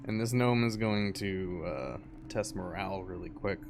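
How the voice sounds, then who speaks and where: A young man running a tabletop game as game master, narrating in an easygoing, halting way. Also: sits low, over music. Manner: easygoing, hesitant with fillers.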